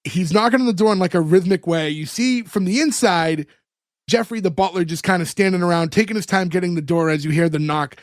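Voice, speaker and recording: A man with a high voice speaks briskly in clean studio-quality audio with no echo. Co-hosting a podcast, he casually recaps a sitcom episode scene by scene, using fillers and little chuckles.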